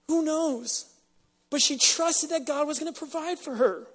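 A pastor with a very high-pitched, fairly bright voice preaches a little slowly. His sermon is impassioned and emotional, and he gets choked up, often repeating words when stirred as he presses a point.

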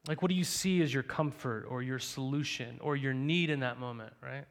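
A man's voice: medium pitch, moderate pace. A young man preaching a sermon to his congregation in a conversational way, full of rhetorical questions and "right?". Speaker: pastor.

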